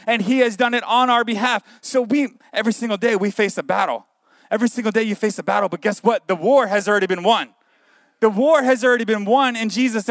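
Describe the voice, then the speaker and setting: A man's voice: high voice, a bit bright, no echo. A male pastor preaching a fervent sermon in a church, urging and repeating phrases. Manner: fervent preaching, repetitive exhortation.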